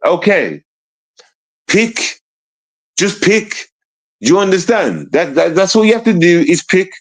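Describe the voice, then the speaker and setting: In this low-quality clip, a streamer with a high voice speaks slowly but very animatedly during a livestream rant. He swears, keeps repeating himself with emphasis, and constantly checks whether his listeners understand.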